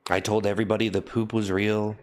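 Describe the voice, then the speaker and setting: A man live-streaming a mock-solemn apology, his voice sitting on the low side. He repeats the same confessions again and again in a deadpan way, talking to a webcam. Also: quick pace. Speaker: livestream host.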